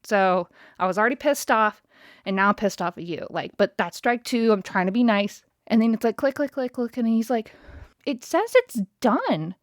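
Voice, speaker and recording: A woman's voice: fairly high pitch, a little fast, no room sound, clean studio sound. A woman in her thirties hosting a podcast, telling a story in a casual, profane, exasperated rant. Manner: profane, exasperated, talks straight to listeners. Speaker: podcast host.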